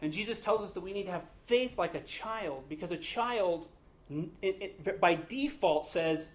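A man's voice: sits high, moderate pace. A man leading a Bible study, preaching in an earnest, conversational way with occasional fillers. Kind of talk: sermon.

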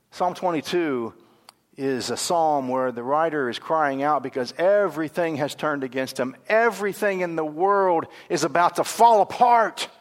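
Man, sermon, conversational and animated, slightly high voice, long hall reverb. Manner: lively, swings from animated questions to hushed gravity; self-correcting, laughs at own stumbles. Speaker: preacher.

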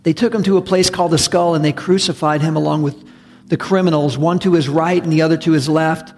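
Gravelly pastor preaching in a reverberant hall. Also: male voice, fairly high pitch, fairly even intonation, fast talker, darkish tone, soft background music. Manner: conversational, emphatic preaching with repetition. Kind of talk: sermon. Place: church sanctuary.

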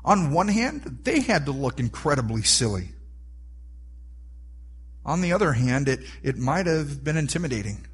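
A man preaching a sermon, animated and rising to near-shouts for emphasis. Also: a little high, normal speed, pauses often, husky. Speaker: pastor.

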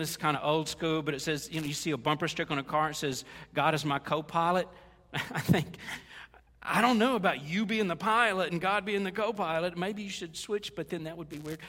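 A man's voice: on the high side, fairly bright tone. A middle-aged male pastor preaching a sermon in a conversational, joking way, slipping into quoted asides. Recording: long hall reverb.

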